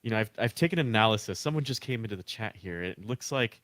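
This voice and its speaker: A man's voice: lowish voice, expressive, quick pace, fairly bright tone, no echo. A man on a casual discussion panel, joking around and tallying audience votes from a chat.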